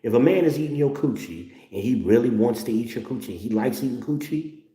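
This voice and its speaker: A man's voice: mid-range voice, lively intonation, fairly quick, dark tone. Blunt, preachy man in a roomy echo. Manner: blunt, preachy, calls for amens. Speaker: livestream host. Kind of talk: casual profane monologue to viewers.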